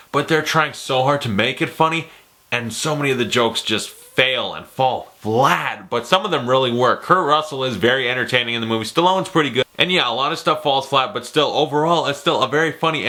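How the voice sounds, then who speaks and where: Animated young man ranking movies. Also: medium pitch. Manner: animated, profane, jumps into impressions. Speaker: movie reviewer. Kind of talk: casual ranking-video commentary.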